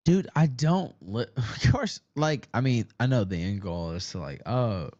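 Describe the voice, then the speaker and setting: Furious, profane male caller with a swinging pitch. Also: expressive, measured pace, darkish tone, no room sound. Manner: angry, profane, repeats himself insistently. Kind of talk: heated call-in argument. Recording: dull lo-fi call audio.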